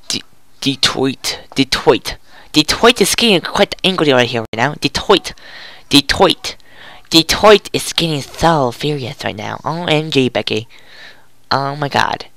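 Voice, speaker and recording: Playing a hockey video game, this gamer groans and yells at each play in goofy, excitable commentary. The gravelly, mid-range voice moves at an unhurried pace and has no echo.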